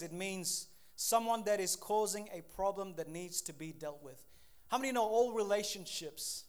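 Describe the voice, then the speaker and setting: A pastor in his thirties preaching a sermon, animated, acting out quick voices and laughing at himself. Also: high voice.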